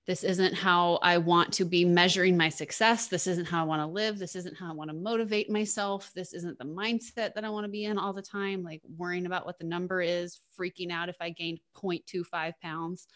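A young woman hosting a podcast in a loose, candid chat. Her voice sits a little low for a woman, and she often circles back on her words and laughs as she goes. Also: fairly bright tone. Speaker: podcast co-host.

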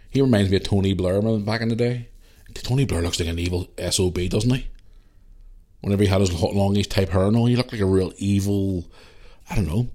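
Blunt Northern Irish man, low voice. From Northern Ireland. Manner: blunt, opinionated storytelling. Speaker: podcast host. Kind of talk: casual monologue.

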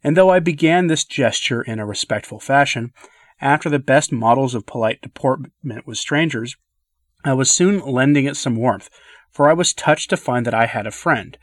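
A man reading a literary essay aloud in a measured, earnest way, letting his voice drop softly at the ends of phrases. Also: mid-range voice, no room sound, studio quality. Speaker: podcast reader.

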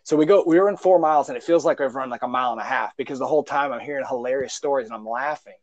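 Man, podcast host, relaxed and enthusiastic, mid pitch, dull dry recording. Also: rapid-fire, no room sound. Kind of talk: casual chat.

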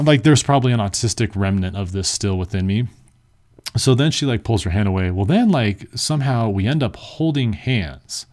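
Low-voiced young man telling a rambling story. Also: animated, moderate pace, darkish tone. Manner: rambling, filler-heavy, self-deprecating. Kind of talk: casual storytelling monologue.

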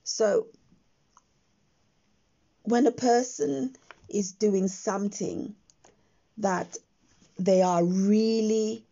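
Croaky, slow-talking woman podcast host. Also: mid-range voice. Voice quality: croaky morning voice. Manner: slow, gentle, with frequent pauses. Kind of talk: slow reflective podcast monologue. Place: quiet house. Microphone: own phone. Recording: dull lo-fi phone recording.

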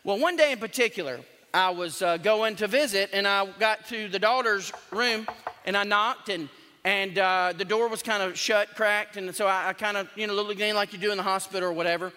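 A man's voice: sits high, a little fast, bright, forceful tone. A male pastor, preaching a sermon in a conversational, joking and emphatic way. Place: church sanctuary. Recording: long church hall reverb.

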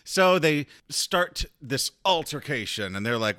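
Podcast co-host, a man with an animated, bright voice recapping a book. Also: a little high, unhurried, no room sound, clean studio sound. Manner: lively, chuckling, jumps in with plot details. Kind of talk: casual book discussion.

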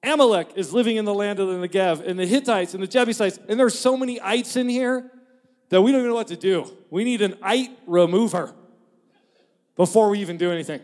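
A man preaching a sermon in an animated, joking way, acting out quotes and laughing at his own jokes. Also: sits high, brisk. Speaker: pastor. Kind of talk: lively sermon. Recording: long reverb of a large hall.

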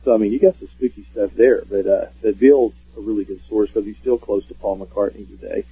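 A man's voice: on the low side, fairly even intonation, brisk, slightly rough, dry recording. A man calling in as a guest on a radio show, telling stories at length with many fillers and restarts. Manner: rambling storyteller with many fillers. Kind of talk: casual radio interview. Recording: tinny phone line.

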